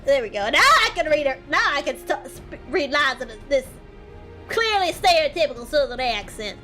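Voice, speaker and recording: Casual woman streamer, very high and lively voice, music faint behind. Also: moderate pace. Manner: chatty, self-mocking. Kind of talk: casual gaming stream chat.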